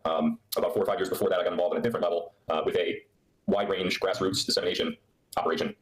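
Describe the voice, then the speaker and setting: A low-pitched man rattles through a live stream at breakneck speed, rambling and sarcastic. His laptop mic catches a noticeably echoey room around him. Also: level tone, very fast. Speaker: livestream host. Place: indoor room on a trip. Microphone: laptop microphone.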